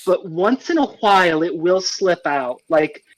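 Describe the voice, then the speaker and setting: Male co-host, high-pitched, halting careful explainer in casual chat. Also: lively intonation, fairly bright tone, low-quality recording. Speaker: let's play co-host.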